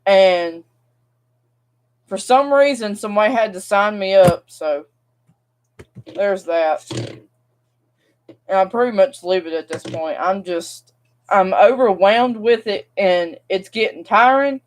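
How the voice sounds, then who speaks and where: Young adult woman, mid pitch; casual rambling vlog rant, exasperated, talks straight to viewers. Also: takes it slowly, pauses often. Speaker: vlogger.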